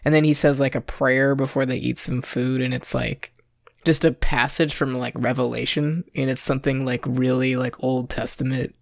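A man's voice: mid-range voice, flat delivery, normal speed, vocal fry, no echo, studio quality. A young adult man co-hosting a podcast, chatting casually about a movie in a rambling way full of fillers. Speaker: podcast co-host. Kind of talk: casual film chat.

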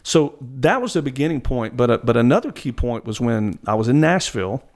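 A man's voice: mid-range voice, expressive, fairly quick, darkish tone. A middle-aged man from Mississippi, telling stories as a guest, rambling with frequent restarts. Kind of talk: casual storytelling.

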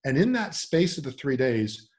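A middle-aged man talks through his ideas in a casual, thoughtful interview. His voice sits in an ordinary middle register, and he shifts into animated voices when he acts out friends or his own inner thoughts. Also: mid-range voice, moderate pace. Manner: reflective, animated when quoting others. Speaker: podcast guest.

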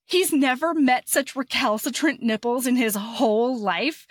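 Bubbly young woman podcast host, chatty recap; slightly high voice, dry close mic. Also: measured pace, no room sound. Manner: chatty, animated, swears casually. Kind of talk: casual book recap.

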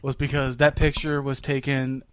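A man's voice: mid-range voice, little pitch movement, normal speed, fairly bright tone, slight background noise. A young man co-hosting a podcast, telling a family story with lots of laughter and swearing. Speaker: podcast co-host. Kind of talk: casual storytelling chat.

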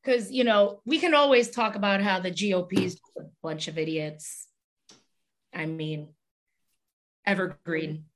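A woman's voice: medium pitch, measured pace, pauses often. A woman co-hosting a podcast panel, introducing segments to listeners and laughing easily. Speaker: podcast co-host presenting a segment. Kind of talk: casual panel chat.

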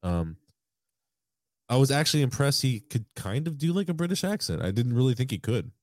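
A man's voice: medium pitch, big pitch swings, fairly quick, darkish tone, dry recording, clean studio sound. A man in casual chat, laid-back and opinionated, swearing freely.

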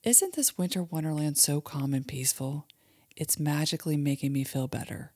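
A woman, a mother hosting a children's show, leads a guided imagery exercise in a gentle, soothing manner and sometimes drops to a soft whisper. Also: low-pitched, normal speed, slightly rough, dry recording, clean studio sound. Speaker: host and mother leading guided relaxation for kids.

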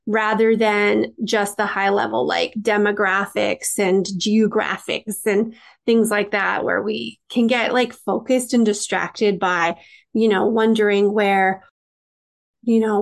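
A woman's voice: medium pitch, gravelly. A woman podcast host and branding coach answering interview questions in a chatty way, with lots of "like" fillers. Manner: chatty, frequent "like" fillers, light laughs.

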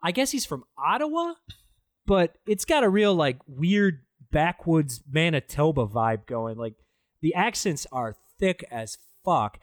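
Guy ranting about a bad movie, swears a lot, kinda high voice, dead dry sound. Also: sing-song, measured pace, no room sound. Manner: profane, sarcastic, mocking impressions. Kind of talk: casual movie review chat.

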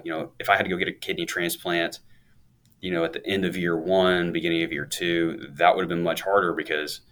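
Man, very deep voice, upbeat, chatty, interview guest, storytelling. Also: flat delivery, fairly quick, a bit bright. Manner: upbeat, chatty, laughs while telling stories. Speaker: guest, law firm owner.

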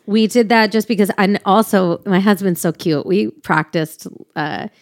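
A woman's voice: mid-range voice, unhurried, no room sound, clean studio sound. A young adult woman co-hosting a podcast, chatting candidly and swearing freely. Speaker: podcast co-host. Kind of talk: casual chat.

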